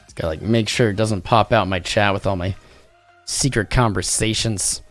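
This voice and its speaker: Tired dude hosting a stream, kinda low voice, rambly and jokey, dry sound. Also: male voice, normal speed, a bit bright, no echo, faint music behind. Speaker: crypto livestream host. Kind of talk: casual livestream chat.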